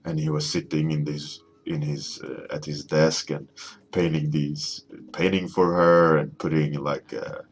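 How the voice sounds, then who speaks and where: A man in his thirties, an artist chatting casually as he works, rambling and halting with many restarts. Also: very deep voice, flat delivery, husky. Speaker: artist streaming a warmup session. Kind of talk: casual storytelling while working.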